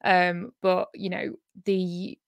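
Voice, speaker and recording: A woman's voice: on the low side, flat delivery, slow, vocal fry, no echo. Encouraging woman host on a call. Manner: laughs often, encouraging. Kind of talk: casual interview chat. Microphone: video call.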